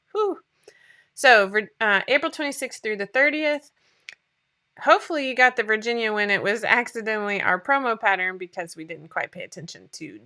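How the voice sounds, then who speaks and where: A woman in her thirties hosts a casual livestream, bright and forward in tone. She rambles from one thought to the next, laughs easily and stops to greet viewers, with an excited, chatty manner throughout. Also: medium pitch, vocal fry. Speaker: livestream host.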